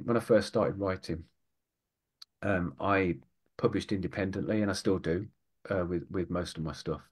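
A British man, an author being interviewed on a podcast, talking in a rambling, thoughtful way and often correcting himself. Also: low-pitched. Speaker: guest author.

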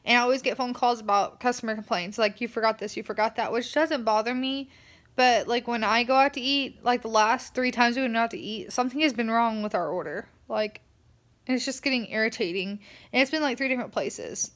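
A young woman talks straight to her camera in a loose, rambling vlog, sounding tired. Her voice sits a little high, and she strings thoughts together with constant fillers. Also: brisk, a bit bright. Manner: chatty, rambling, lots of "like" fillers. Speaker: vlogger. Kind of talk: casual vlog rant.

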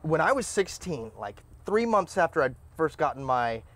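A man's voice: on the high side, normal speed. A young man from Indiana co-hosting a podcast, chatting casually and acting out his own reactions as he tells stories. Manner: animated storyteller, acts out his own reactions. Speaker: podcast co-host. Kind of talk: casual chat, storytelling.

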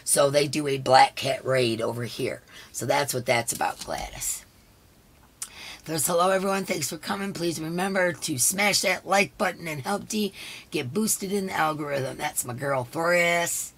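A hoarse woman hosting a casual live stream. She chats along and greets each viewer by name. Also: deep voice, a little slow, a little hiss or hum. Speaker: livestream host.

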